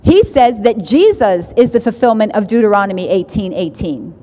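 A woman's voice: medium pitch, lively intonation, moderate pace, mellow, in a large hall. A woman teaching a Bible study in a conversational way, often restarting phrases and checking in with the listeners.

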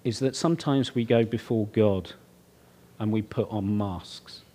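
A man's voice: on the low side, measured pace, warm tone. A middle-aged man preaching, telling his own story in an earnest, conversational way. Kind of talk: sermon testimony.

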